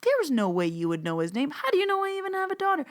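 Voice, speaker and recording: A woman putting on an overjoyed woman who keeps repeating her disbelief in a breathless, high voice. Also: big pitch swings, fast talker, a bit bright. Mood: astonished, gushing. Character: overjoyed woman, astonished and gushing.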